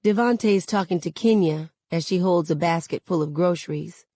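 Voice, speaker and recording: A woman reading a novel aloud in a measured, even narration. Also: fairly low pitch, no room sound. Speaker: reader.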